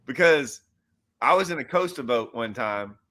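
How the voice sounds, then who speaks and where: Bright-voiced joking host, man. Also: mid-range voice, expressive, normal speed. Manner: loose, joking, quotes himself in stories. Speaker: host and pro angler. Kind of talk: casual chat.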